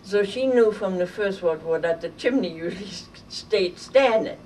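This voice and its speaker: An older woman from Germany telling a vivid, halting story from her childhood in an oral history interview. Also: medium pitch, darkish tone. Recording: distant mic with faint noise.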